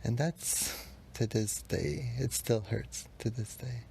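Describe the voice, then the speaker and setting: A man hosting a podcast, telling his personal story in an emotional, halting way, sometimes dropping into a whisper. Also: medium pitch, vocal fry, a little hiss or hum. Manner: emotional, halting, with restarts and soft whispered moments. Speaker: podcast host.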